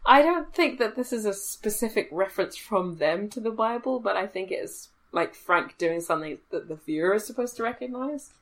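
A woman's voice: medium pitch, lively intonation, brisk, few pauses. A woman co-hosting a casual book discussion, posing questions and offering thoughtful readings. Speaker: podcast co-host.

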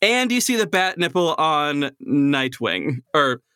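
Man, excitable rant, lively pitch, dry home booth recording. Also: takes it slowly, clean tone, dry recording. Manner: excitable, rambling fan rant. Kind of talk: casual comedy podcast banter.

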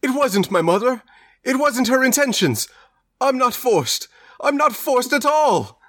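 A proud young nobleman, flustered and stiff, blurting out a confession, as a woman puts him on. He speaks slowly and deliberately, with lively swings in pitch. The sound is dry and close. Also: no room sound, full character voice. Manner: shouting stiff declarations.

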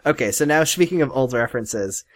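A man co-hosting a casual podcast, chatting loosely and tripping over his own sentences as he goes. His voice sits at an ordinary middle pitch. The recording is dry and close, with no room sound. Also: expressive, a little fast, no echo. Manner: rambling, self-interrupting, laughs often. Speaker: podcast co-host. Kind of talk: casual chat.

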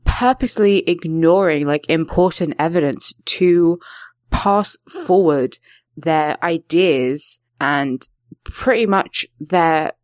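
A woman's voice: low voice, takes it slowly, no echo, studio quality. A woman hosting a casual comedy podcast, often laughing and steering the talk back on topic. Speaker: podcast host.

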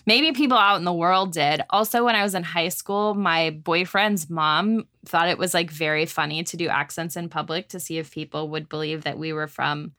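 A woman's voice: fairly low pitch, normal speed, hardly any pauses, bright, forceful tone, dry recording, clean studio sound. A woman co-hosting a podcast in casual chat, wry, laid-back and joking. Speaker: podcast co-host.

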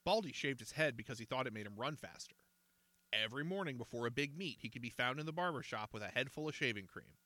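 A man reads a children's storybook aloud with an animated, lively pitch and a bright tone. The recording is dry and close. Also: fast, no echo. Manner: expressive, animated.

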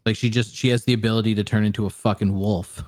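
Young male co-host, low-pitched and loose, rambling with fillers and profanity. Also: fairly even intonation, quick pace, a little mellow. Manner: rambling, many fillers, frequent swearing. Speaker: podcast co-host reviewing a film. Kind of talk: casual chat.

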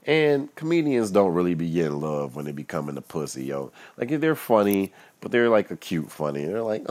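A young man rambling casually on his own, loose and profane, muttering asides between louder bursts and breaking into laughter. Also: low voice, big pitch swings, normal speed. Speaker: solo commentator.

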